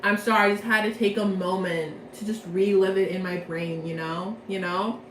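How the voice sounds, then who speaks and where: A woman's voice: mid-range voice, steady tone, moderate pace, echoey room, a little hiss or hum, poor audio. A young woman giving a casual plot recap from memory, chatty and slangy, rambling playfully. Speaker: vlogger.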